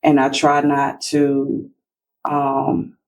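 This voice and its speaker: A woman's voice: deep voice, sing-song, drawn-out words, vocal fry, darkish tone, poor audio. A woman guest in a casual interview, talking reflectively about parenting and retelling conversations with her daughters. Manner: reflective, acts out family dialogue.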